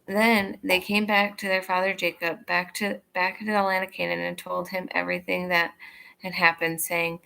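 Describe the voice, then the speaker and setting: Low, gravelly woman reading scripture. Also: normal speed, a little hiss or hum, low-quality recording. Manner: steady, plain reading pace. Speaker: scripture reader. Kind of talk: reading a Bible passage aloud.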